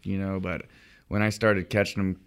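A man's voice: deep voice, little pitch movement, moderate pace, smooth. A young man, a fly fishing guide, chatting casually on a podcast with lots of fillers and restarts.

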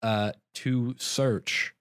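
A man's voice: medium pitch, steady tone, drawn-out words, a bit bright, clean tone, dry recording, studio quality. A young man co-hosting a podcast in casual chat, rambling through a story, laughing at himself often. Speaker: podcast co-host.

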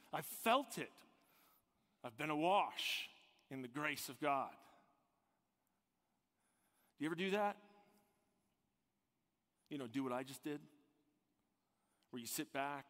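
A man preaching a sermon as pastor, swinging from loud emphatic peaks down to a hushed near-whisper. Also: medium pitch, long reverb tail.

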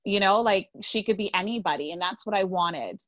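A young woman author talking about her novel as a guest on a podcast, chatty and relaxed and quick to laugh. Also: mid-range voice, no echo, muffled recording. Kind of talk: casual interview chat.

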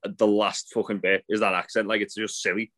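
A man's voice: on the low side, flat delivery, fairly quick, a bit bright. A man co-hosting a casual wrestling podcast, giving blunt, sweary opinions. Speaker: podcast co-host. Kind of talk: casual chat.

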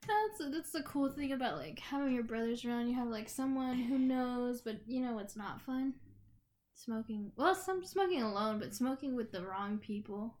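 A woman in her twenties co-hosting a podcast, laid-back and quick to laugh in casual chat. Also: fairly high pitch, lively intonation, darkish tone. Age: 20s. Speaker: podcast co-host.

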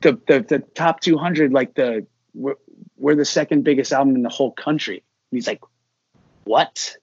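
A husky-voiced middle-aged man recounts his story in an interview, full of energy and acting out the lines of others. The recording is dry and slightly dull, with a lo-fi edge. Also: medium pitch, fairly quick, dry recording. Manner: animated, acts out quoted dialogue. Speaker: musician guest. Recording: dull lo-fi sound.

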